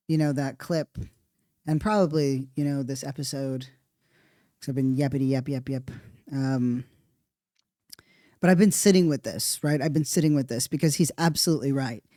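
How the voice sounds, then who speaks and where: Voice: mid-range voice, warm tone, no echo, clean studio sound. A podcast host giving a casual monologue, rambling and profane, thinking aloud and tagging points with "right?".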